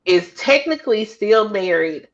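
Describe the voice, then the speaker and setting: A woman's voice: medium pitch, animated, a little slow. Blunt woman cohost, lo-fi sound. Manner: blunt, profane storytelling. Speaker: podcast co-host. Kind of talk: casual chat.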